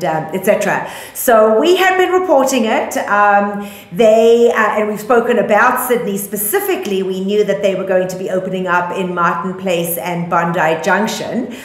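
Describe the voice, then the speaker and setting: A woman with a South African accent talks through the week's news in a relaxed, chatty way, with plenty of ums. Her voice sits at a middle pitch. It rings a little in an echoey room. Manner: chatty, many ums, laughs easily. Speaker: podcast co-host. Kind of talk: casual news chat.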